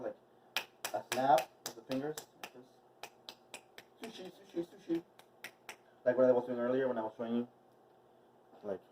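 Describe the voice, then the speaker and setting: A movement and wellness instructor, a man with a mid-range voice, leads a class in a casual instructional vlog, chatty and rambling with lots of fillers. The audio is dull and distant, with background noise.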